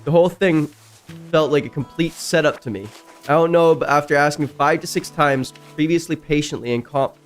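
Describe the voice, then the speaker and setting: A man with a slightly high-pitched voice reads online stories aloud as a streamer, breaking off to react in a casual, chatty way. His reactions jump suddenly louder and higher. Faint game music plays behind him. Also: a little fast.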